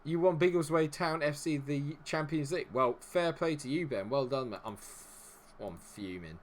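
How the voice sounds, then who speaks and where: With a little hiss or hum in the audio, a man comments live on a football management game he's streaming. His voice is a little high and his speed normal, and he groans, curses at the game in exasperation and chats with his viewers.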